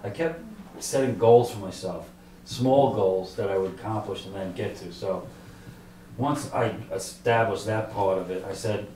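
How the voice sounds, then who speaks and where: A man's voice: sits low, dark tone, slight background noise. Man, telling his story in an echoey room. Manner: conversational, halting with fillers, acts out his own thoughts. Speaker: author and fisherman telling his survival story. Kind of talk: live author talk, storytelling. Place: library event room. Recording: echoey room, distant mic.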